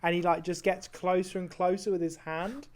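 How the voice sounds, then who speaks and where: A man with a fairly high voice tells rambling anecdotes on a podcast. He peppers them with "like" and casual swearing, easygoing and chatty. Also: level tone, normal speed. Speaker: podcast co-host. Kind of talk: casual chat, animated storytelling.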